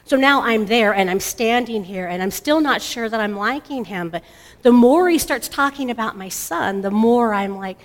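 A middle-aged mother giving an emotional personal testimony, halting and restarting often. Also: fairly high pitch, lively intonation. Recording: long hall reverb.

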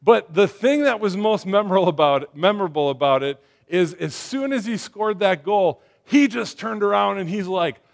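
A man giving a casual sermon to his congregation, talking conversationally with lots of fillers and getting them to shout back. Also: sits high, expressive, normal speed, gravelly, few pauses. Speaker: church speaker.

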